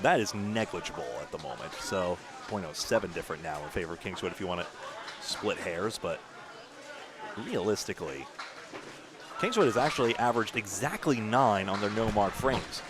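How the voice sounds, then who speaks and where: A man calling bowling play-by-play, animated on each shot with chatty asides. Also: on the low side. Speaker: play-by-play commentator. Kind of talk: live sports commentary. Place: bowling alley. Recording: noisy bowling alley broadcast.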